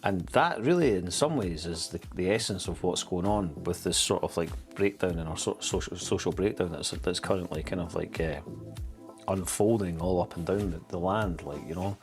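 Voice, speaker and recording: A man's voice: sits low, moderate pace, soft background music. A man hosting a podcast, rambling and sardonic, full of fillers and restarts. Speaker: podcast host. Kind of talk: casual commentary.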